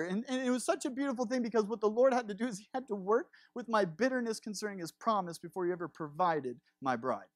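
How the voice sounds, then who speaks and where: A man's voice: high-pitched, quick pace, hardly any pauses, dry recording, clean studio sound. A man in his thirties preaching a sermon, impassioned and confessional, with laughing asides. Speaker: pastor.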